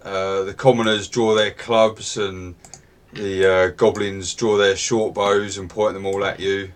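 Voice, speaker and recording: Low-voiced man running a tabletop game. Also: measured pace. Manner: relaxed, hesitant with many fillers. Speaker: game master.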